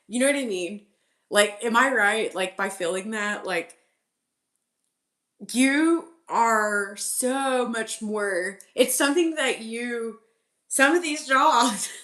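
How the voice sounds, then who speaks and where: A woman's voice: a little high, slow pace, fairly bright tone. A woman giving a casual live tarot reading, chatty and full of "like", laughing often and repeating her messages insistently. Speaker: tarot reader and channeler on a live stream. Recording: roomy echo.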